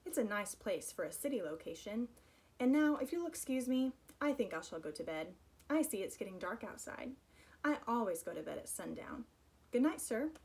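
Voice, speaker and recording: A woman doing Margolo, a soft musical little bird. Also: fairly high pitch, very animated, normal speed. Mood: gentle. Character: tiny gentle female songbird, polite and soft-spoken.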